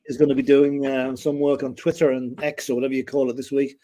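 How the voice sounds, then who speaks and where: A man's voice: medium pitch, little pitch movement, fast talker, dark tone. A man from Ireland co-hosting a casual sports livestream, with a dry, wry humor. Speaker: livestream co-host.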